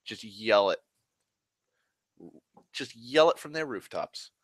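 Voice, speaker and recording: A man's voice: lowish voice, lively intonation, slow, fairly bright tone, slightly rough, no echo. A man from Massachusetts rambling casually on a stream, profane and self-mocking, a little tipsy on whiskey. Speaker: livestream host.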